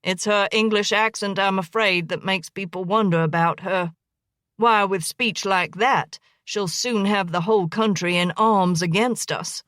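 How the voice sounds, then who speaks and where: A woman's voice: mid-range voice, unhurried, a bit bright, no echo, clean studio sound, natural voice. A woman reading the lines of a jovial young man who teases his brother's wife in mock-formal banter. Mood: teasing.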